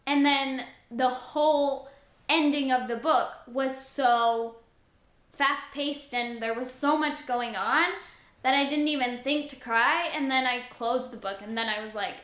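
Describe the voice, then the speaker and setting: A young woman vlogging a casual book review, excitable and gushing, often saying "like". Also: high-pitched, a little slow, echoey room.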